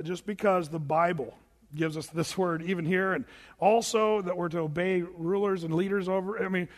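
A pastor delivering a sermon in a loose, conversational way, his voice sitting high for a man. He now and then mimics shouting televangelists. The sound carries a long reverb from a large hall.

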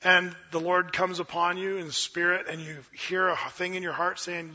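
A high, very bright male voice, a pastor delivering a sermon in an animated storytelling way, jumping into little character voices. The recording is dull and lo-fi, like an older church tape. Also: moderate pace.

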